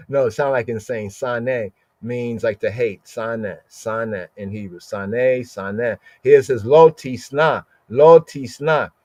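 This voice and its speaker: A man teaching scripture in a podcast, explaining Hebrew words slowly and asking "right?" again and again. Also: fairly low pitch, steady tone, a little mellow, dry recording. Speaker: Bible teacher.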